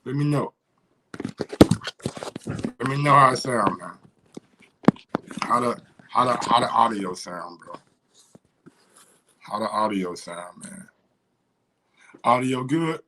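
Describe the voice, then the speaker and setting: A man's voice: medium pitch, animated, slow, pauses often, pushed and bright, a little hiss or hum. Frustrated cursing livestream host, man. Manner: frustrated, profane, repeats himself. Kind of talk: casual livestream chat.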